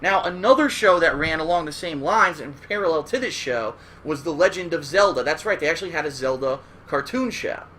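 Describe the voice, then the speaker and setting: A man's voice: on the high side, animated, fairly quick, hardly any pauses, sharp tone, slight background noise. A man hosting a casual, rambling look back at old cartoons, profane and loose, often checking in with "all right?". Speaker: host. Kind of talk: casual retrospective commentary.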